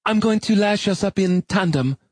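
A man voicing a brisk, commanding young woman diver who gives crisp instructions. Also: high-pitched, a little mellow, no echo, pitched above the performer's own voice. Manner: crisp and instructive, caustic edge.

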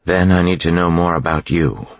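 A man's voice: deep voice, moderate pace, no room sound, muffled recording, pitched above the performer's own voice. A man doing a restless, pressing young woman. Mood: probing. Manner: pressing questions, impatient.

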